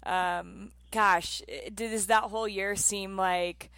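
A woman's voice: medium pitch, fairly even intonation, takes it slowly, a bit bright, no room sound, low-quality recording. Woman asking reflective questions. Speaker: interviewer. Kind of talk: casual interview.

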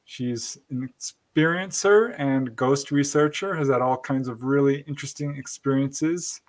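A man's voice: mid-range voice, moderate pace. A man hosting a live radio and stream talk show, friendly and chatty, checking his notes as he goes. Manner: friendly, chatty, reads station info from notes. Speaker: host.

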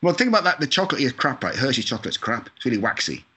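Chatty Scottish-born man, quick and bright. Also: medium pitch, big pitch swings, slightly rough. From Scotland. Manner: chatty, self-deprecating, mild swearing, many fillers. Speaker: video game composer, guest. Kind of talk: casual interview chat. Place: lives in California.

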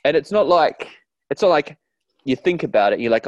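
A man talking in a casual interview about his therapy work, earnest and animated, acting out quoted voices with frequent restarts. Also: fairly high pitch, a little fast, no echo, dull audio. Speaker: therapist guest.

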